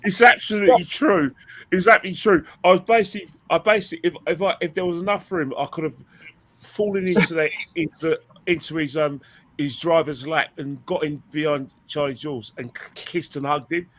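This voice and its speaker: Bloke, fan panel regular, slightly high voice, restless retelling. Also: male voice, fairly quick, slight background noise. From England. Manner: animated storyteller, stumbles and repeats words. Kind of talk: casual chat.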